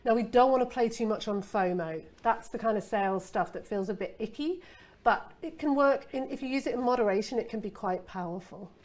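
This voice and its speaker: A woman's voice: fairly high pitch, a little fast, darkish tone. Chatty, playful woman teaching copywriting. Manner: chatty and playful, with rhetorical asides. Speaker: copywriting expert giving a masterclass. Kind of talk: casual spoken masterclass.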